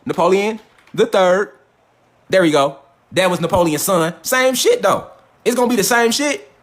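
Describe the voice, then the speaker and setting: An online lecturer gives a profane, emphatic livestream rant into a phone or webcam, repeating rhetorical questions. His high-pitched voice is expressive and moves at a moderate pace.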